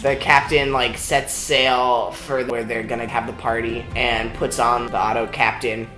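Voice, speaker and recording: A man's voice: mid-range voice, level tone, a little slow. A man hosting a comedy show, retelling a movie in a loose, rambling way full of "like". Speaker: show host. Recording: echoey room with loud music.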